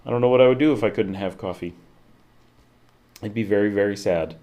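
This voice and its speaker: A man's voice: on the low side, brisk. Rambling man hosting a casual livestream. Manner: rambling, filler-heavy, lively swings in tone. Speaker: livestream host. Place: home office. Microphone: desk microphone.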